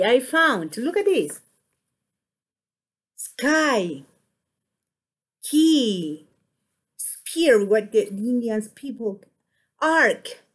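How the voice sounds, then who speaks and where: A woman English teacher with an Ecuadorian Spanish accent, a native Spanish speaker, giving an online lesson and repeating phrases slowly to model intonation. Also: fairly high pitch.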